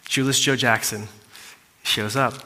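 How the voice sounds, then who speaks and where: The pastor speaks unhurriedly in a mid-range voice that is bright and forceful, with fairly even intonation. In a church hall with plenty of reverb, he tells his congregation a story casually, using fillers and asides to the listeners.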